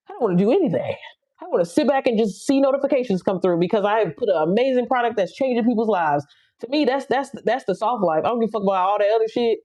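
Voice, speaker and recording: A young woman rattles through a live stream pep talk at a quick clip, blunt and profane, pushing her viewers to start. Her voice is mellow and a little dark, and the sound is dull and lo-fi, like a phone stream. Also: a little high, expressive. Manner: blunt, profane, hype-up preaching. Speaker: live stream host, business coach. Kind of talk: casual motivational live chat.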